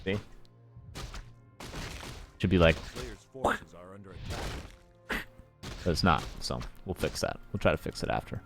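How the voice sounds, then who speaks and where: A man's voice: low voice, expressive, slow, creaky, long pauses, a bit bright. A man casting a live strategy game match, chatty and playful with joking asides. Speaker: esports caster. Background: faint game music.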